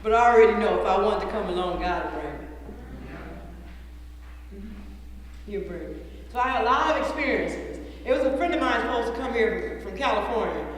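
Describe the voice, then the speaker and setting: A woman's voice: medium pitch, animated, brisk, long pauses. A woman giving a personal recovery testimony to a room, blunt and earthy, swearing and laughing as she talks. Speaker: recovery meeting speaker. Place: large meeting room. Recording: echoey room from far off.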